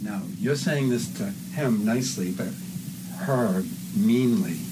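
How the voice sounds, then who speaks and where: A man directing voice actors in a recording session, chatty and full of fillers and quick laughs. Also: lowish voice. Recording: loud hiss under the voice.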